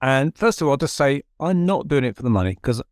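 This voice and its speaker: A man's voice: mid-range voice, lively intonation, fast talker, no echo, clean studio sound. Chatty middle-aged Englishman. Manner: chatty, self-deprecating, many restarts. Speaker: podcast host. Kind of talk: conversational storytelling.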